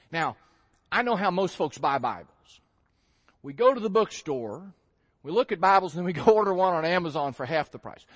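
A man preaching a sermon in a conversational way, asking rhetorical questions and acting out his listeners' reactions. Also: on the high side. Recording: long hall reverb.

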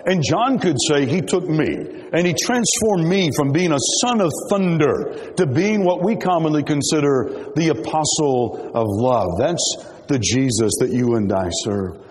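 A man's voice: on the high side, a little mellow, a little hiss or hum. A man preaching a sermon, emphatic and rhetorical, quoting scripture and asking the congregation questions. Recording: long hall reverb.

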